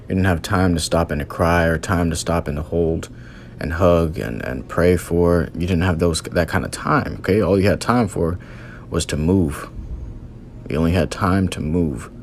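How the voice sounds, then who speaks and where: A man's voice: deep voice, moderate pace, slight background noise. A man earnestly recounting a religious vision as a testimony, in loose storytelling with many fillers.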